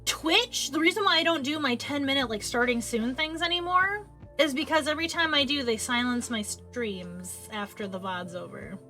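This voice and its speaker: A woman streaming a casual late-night chat from her home setup into a boom arm mic, rambling and swearing casually. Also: moderate pace, sharp tone, soft background music. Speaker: livestreamer.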